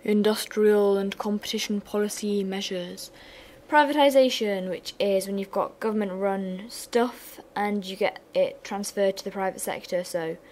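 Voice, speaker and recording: A woman's voice: mid-range voice, darkish tone, low-quality recording. A young woman giving an economics revision lesson, explaining steadily with chatty, self-deprecating asides. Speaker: revision tutor.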